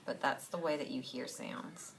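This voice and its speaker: Woman reading teacher, low voice, patient, encouraging, noisy recording. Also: fairly even intonation, normal speed, vocal fry. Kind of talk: one-on-one reading lesson.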